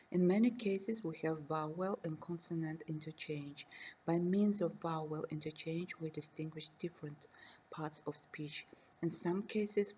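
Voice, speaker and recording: Woman lecturer, measured and careful delivery, soft dark tone. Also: low-pitched, slightly rough, rough recording. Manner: reads slowly and carefully, defining terms with examples. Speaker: university lecturer. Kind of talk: recorded lecture reading.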